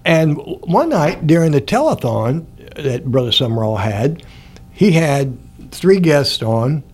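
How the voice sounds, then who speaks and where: A man's voice: fairly high pitch, very animated, measured pace, a little mellow, slightly rough. An older man from Indiana, telling stories from his life in a rambling, casual way and chuckling often. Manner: rambling, chuckles often, acts out quoted people. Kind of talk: casual storytelling.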